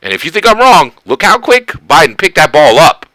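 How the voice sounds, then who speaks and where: An American man from Philadelphia giving casual political commentary, emphatic and animated, often tagging "right?" onto his points. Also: on the high side, normal speed, dry recording, rough recording. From Philadelphia, United States.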